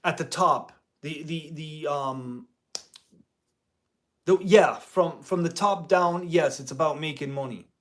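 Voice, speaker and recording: A man's voice: fairly high pitch, slow. A man who teaches music part-time, talking in a rambling vlog commentary with many restarts and mild euphemistic cursing.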